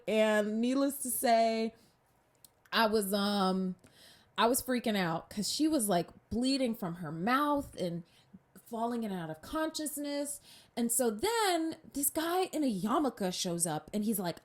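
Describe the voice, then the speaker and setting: A woman hosting a podcast, telling a personal story in a chatty, animated way and calling her listeners y'all. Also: mid-range voice, moderate pace. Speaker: podcast host.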